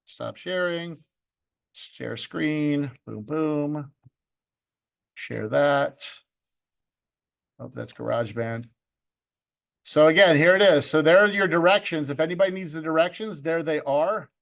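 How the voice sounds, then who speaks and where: A man with a slightly high, fairly bright voice and some vocal fry gives online class instruction in video editing over a video call. Working from a home room with a green screen, the club instructor keeps a measured pace with long pauses, staying upbeat, joking, and using students' names.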